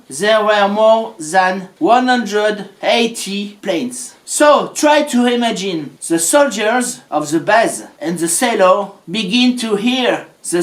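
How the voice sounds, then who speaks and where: A man from France with a French accent, a native French speaker narrating a history talk as an amateur historian in solemn, slightly halting English. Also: high voice, fairly bright tone. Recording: roomy echo.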